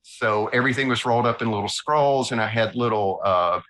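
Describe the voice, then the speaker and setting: A man with a Southern American accent, a guest illustrator telling animated, self-mocking stories in a casual interview. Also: lowish voice, a little fast, poor audio.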